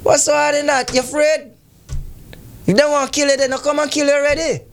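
High-voiced man scolding his listeners. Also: little pitch movement, fairly quick, a little hiss or hum. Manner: preachy, scolding, asks rhetorical questions. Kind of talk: impassioned community commentary.

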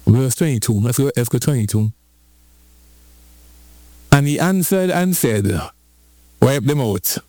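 A man preaching a lively sermon, switching into patois and drawing out lines slowly for emphasis. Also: medium pitch, no room sound. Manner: animated, rhythmic preaching in patois-flavored speech.

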